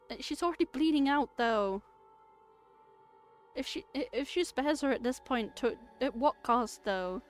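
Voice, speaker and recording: A woman reads a spooky story game aloud on a stream, breaking off into quips and loud outbursts. Her voice sits a little high, and soft music plays faintly under her. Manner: animated, joking, bursts into loud outbursts and laughter.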